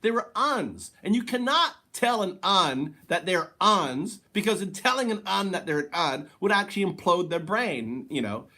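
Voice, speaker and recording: A man's voice: high-pitched, very animated, moderate pace, few pauses, bright, forceful tone. A man giving a rambling spiritual monologue, swearing and correcting himself as he goes. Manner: rambling, profane, self-correcting. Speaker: spiritual teacher.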